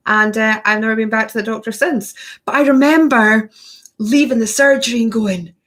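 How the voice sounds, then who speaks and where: A woman's voice: mid-range voice, a bit bright. Chatty woman hosting a spiritual live stream. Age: 30s. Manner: chatty, tag questions like okay and right; laughs often between sentences. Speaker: spiritual workshop host. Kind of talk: live stream chat answering viewer questions.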